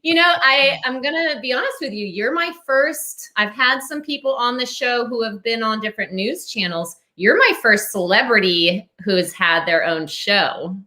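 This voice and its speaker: A woman from Rhode Island with a slight Southern American accent hosts a casual live-stream interview. Her voice sits a little high and bright. She is chatty and giggly and speaks straight to her audience. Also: expressive, normal speed, hardly any pauses. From Rhode Island, USA. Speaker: podcast host.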